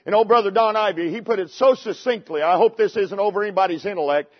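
A man's voice: high-pitched, quick pace. A man preaching a sermon in a conversational way, asking his listeners rhetorical questions. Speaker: pastor. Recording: dull lo-fi sermon recording.

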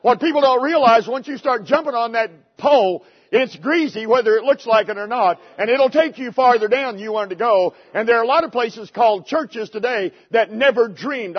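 A man, talking to his congregation and throwing rhetorical questions at them. The recording sounds dull and lo-fi. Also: very high-pitched. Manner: conversational preaching with rhetorical questions. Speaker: pastor. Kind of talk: sermon.

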